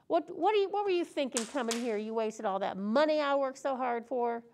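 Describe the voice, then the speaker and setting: A woman's voice: sits high, expressive, a little fast, a little mellow, slight background noise. A woman voicing an angry father scolding his wayward son, in a sermon retelling. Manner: scolding, exasperated. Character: angry scolding father, middle-aged man.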